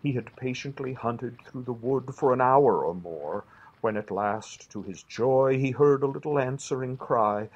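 A man reading a classic children's story aloud for his family with gentle, expressive storytelling. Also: medium pitch, a little slow, husky, muffled recording. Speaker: reader.

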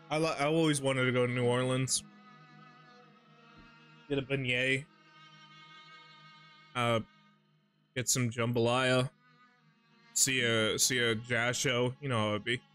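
A gaming streamer with a smooth, mid-range, fairly bright voice plays a horror video game. He rambles casually through the gameplay commentary, often swearing and laughing.

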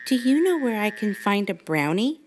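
A woman voicing a curious young girl who talks in an excited, high, chirpy way. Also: normal speed, slight background noise, close to an everyday voice. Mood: eager.

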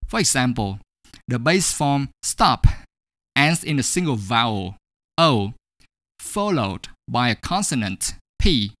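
A man teaching an English grammar lesson, speaking slowly and deliberately and saying each example word twice. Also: mid-range voice, big pitch swings, a bit bright, no room sound, clean studio sound.

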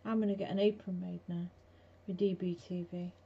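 Speaking a little fast in a lowish, gravelly voice with a breathy edge and a level tone, a blunt, chatty woman demos crafts for her live-stream viewers from her home craft room, chatting as she works. The recording is dull and lo-fi, faintly hissy.

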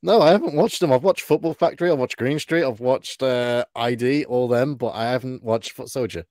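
A man's voice: medium pitch, a little fast, darkish tone, dry recording, studio quality. A man with an English accent, a guest chatting casually with laughs. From England. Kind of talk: casual chat.

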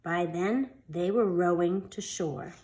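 A woman storyteller reads a children's picture book aloud in an animated, expressive way. Her pitch is fairly low, and she takes it slowly.

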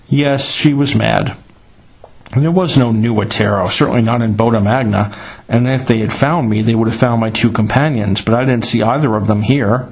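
A man reading a first-person adventure story in a measured, dramatic storytelling manner. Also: medium pitch, husky, poor audio. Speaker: narrator.

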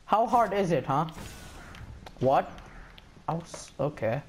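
A young man with a slightly high voice trash-talks his opponent over a headset in game chat. He teases, curses and gloats in a loose, casual way. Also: animated, slow, a little hiss or hum. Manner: teasing trash talk, cursing. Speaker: gamer.

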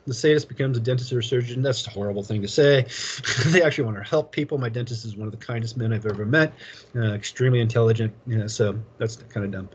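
A man's voice: medium pitch, highs cut off, slight background noise. A man teaching a college class in a casual, rambling lecture, chuckling often and telling anecdotes. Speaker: college instructor.

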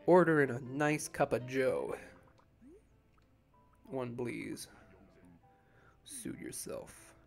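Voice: medium pitch, slow pace, vocal fry, pauses often. A sleepy let's-play commentator talking casually at home, rambling and cursing freely in a mid-range voice. Faint game music runs underneath the talk.

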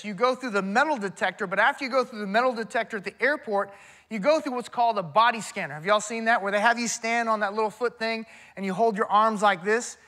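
A man's voice: high voice, sharp tone. A man preaching a sermon in a church, emphatic and conversational, often addressing the crowd as y'all. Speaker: pastor.

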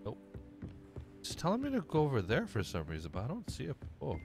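A man's voice: medium pitch, huge pitch swings, fairly quick, creaky, music in the background. A man doing let's-play commentary, rambling and self-deprecating as he chats to himself while playing. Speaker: gamer.

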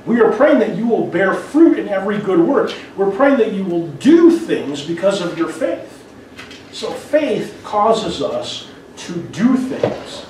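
Echoey, high-voiced preacher in a church. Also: male voice, very animated, slow, a little mellow, a little hiss or hum. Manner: earnest conversational preaching, often restarting phrases. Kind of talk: sermon. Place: church sanctuary. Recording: very echoey hall, mic far off.

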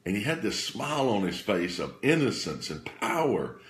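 A man telling a personal faith testimony in an earnest, halting way, often repeating and restarting his phrases. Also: fairly low pitch, big pitch swings. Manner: earnest, emotional retelling. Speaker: speaker sharing a faith testimony. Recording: roomy echo.

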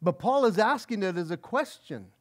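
A man preaching an expository sermon from the pulpit. His voice sits high and swings widely in pitch, and he often repeats and restarts words as he works through the text. His earnest delivery slows down for scripture. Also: lively intonation. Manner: earnest, frequent stammered restarts; reads scripture aloud slowly. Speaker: pastor.

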